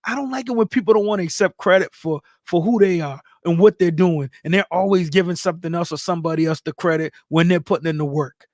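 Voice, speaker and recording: Man, high voice, dry close sound, hyped shout-outs, speech, casual livestream host. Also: fast, no room sound. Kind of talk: casual livestream chat reading viewer comments.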